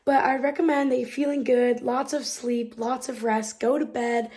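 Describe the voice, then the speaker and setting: A woman's voice: fairly high pitch, steady tone, moderate pace, darkish tone. A young woman chatting casually to her camera in a hostel room, upbeat and full of "um" and "like". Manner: chatty, upbeat, lots of fillers like "um" and "like". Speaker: travel vlogger. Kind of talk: casual vlog chat to camera.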